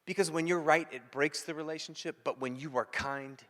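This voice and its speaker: A man preaching a sermon as pastor, emphatic, repeating key phrases and dropping from loud to hushed. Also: a little high, steady tone, normal speed, few pauses, in a large hall.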